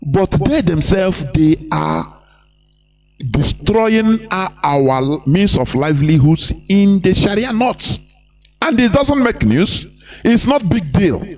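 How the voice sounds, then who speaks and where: A Nigerian man holding forth on a live broadcast in a fairly high voice, pressing his point with repeated rhetorical questions and restarts. Faint music plays underneath him. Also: sing-song, slow, darkish tone. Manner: preachy, repetitive, rhetorical questions, mimicking others. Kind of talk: impassioned live broadcast commentary.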